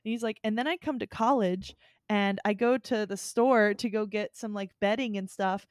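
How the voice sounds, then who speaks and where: A woman's voice: medium pitch, normal speed, dry recording, studio quality. A young woman co-hosting a casual chat podcast, telling stories and acting out quoted voices. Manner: chatty storyteller, bright quoted voices. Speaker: podcast co-host.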